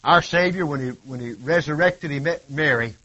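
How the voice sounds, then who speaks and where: Impassioned high-voiced preacher man. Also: moderate pace, breathy edge. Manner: impassioned, swinging from loud cries to hushed tones; rhetorical questions and repetition. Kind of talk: sermon. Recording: dull lo-fi recording.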